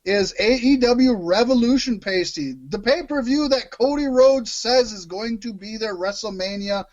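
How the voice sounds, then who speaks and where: A man's voice: very high voice, normal speed, a little mellow. A man co-hosting a casual wrestling podcast, rambling and joking with frequent laughter. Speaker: podcast co-host. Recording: dull lo-fi sound, dry.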